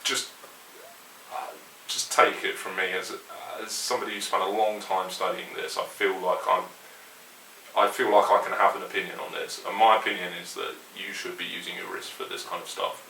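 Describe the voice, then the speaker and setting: A man teaches guitar in a relaxed, opinionated way, counting along as he plays. His voice sits very low but has a bright edge. He is recorded from a distance in an echoey room, with a faint hiss underneath. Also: moderate pace, creaky. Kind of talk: instructional explanation. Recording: roomy echo, mic at a distance, faint hiss.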